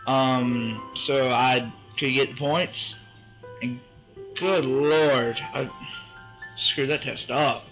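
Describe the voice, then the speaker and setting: A young man in his teens giving goofy, excitable let's play commentary, humming along to the game music. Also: on the high side, rough recording. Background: faint game music.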